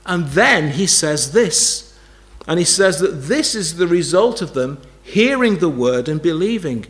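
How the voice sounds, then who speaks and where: A man's voice: fairly high pitch, animated, a little slow, fairly bright tone. A man preaching a sermon, emphatic, repeating key phrases and asking rhetorical questions.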